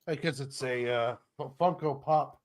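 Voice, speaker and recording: A man's voice: medium pitch, a little slow. A man who letters comics, chatting easygoing on a podcast with many fillers. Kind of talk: casual chat.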